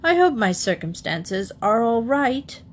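A woman's voice: a little high, very animated, measured pace, a little hiss or hum, pitched above the performer's own voice. A woman voicing a polite young male bear who is easily alarmed and earnestly indignant.

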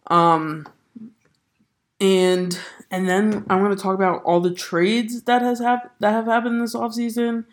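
A young woman from the Baltimore area hosting a casual podcast, stuffy and nasal, rambling excitedly and swearing casually. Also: medium pitch, unhurried. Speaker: podcast host. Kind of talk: casual chat. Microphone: studio mic.

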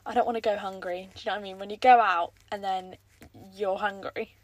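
A woman's voice: medium pitch, fairly even intonation, fairly quick, no room sound. A young woman hosting her own podcast, rambling through casual, self-mocking chat about her day. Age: young adult. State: croaky throat; a bit out of breath. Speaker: podcast host.

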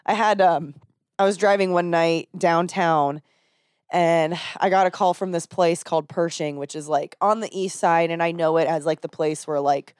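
A woman's voice: lowish voice, normal speed, clean tone, no echo, studio quality. A young woman, a rideshare driver, telling a story in casual chat and acting out the people in it. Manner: animated, acts out quoted voices with laughter.

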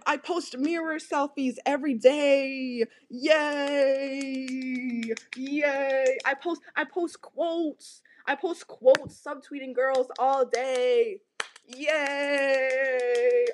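A woman's voice: high voice, steady tone, very slow, a little hiss or hum. A woman putting on a mocking voice of a sassy, gossipy young man who squeals and giggles.

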